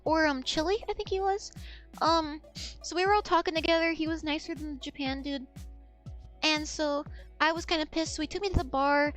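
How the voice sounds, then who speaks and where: A woman's voice: sits high, steady tone, brisk, a bit bright, faint music behind. A woman in her twenties chatting casually as a streamer, rambling, losing her thread and swearing freely. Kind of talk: casual chat.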